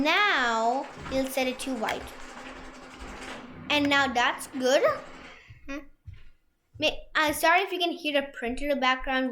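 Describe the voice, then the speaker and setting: A young woman hosting a software tutorial from a room at home, talking it through in a rambling way with many restarts. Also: high-pitched. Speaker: tutorial host. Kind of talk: screen-share software tutorial.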